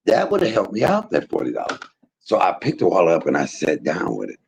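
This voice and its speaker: A man's voice: deep voice, wildly swooping pitch, fast talker, vocal fry, darkish tone, slight background noise, rough recording. A man streaming live to his viewers, telling a story in an emphatic, preachy way, full of religious exclamations. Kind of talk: casual spoken testimony to a live chat.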